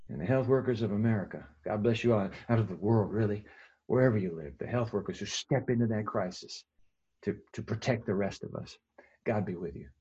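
A male pastor giving a conversational sermon, swinging between emphatic and hushed delivery. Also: fairly low pitch, a little fast, slightly rough, muffled recording.

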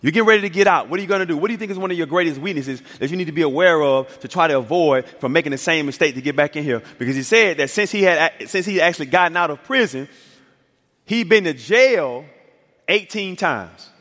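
A man's voice: on the high side, lively intonation, quick pace, fairly bright tone. A male pastor preaching a sermon, telling a story with acted-out dialogue and building to emphatic peaks. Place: church sanctuary. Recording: reverberant church hall.

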